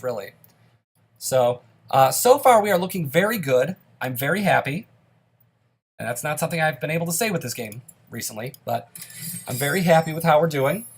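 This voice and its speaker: A man's voice: medium pitch, slightly rough. A man hosting a let's play, giving casual commentary on his gameplay in an upbeat, chatty way and explaining each choice he makes.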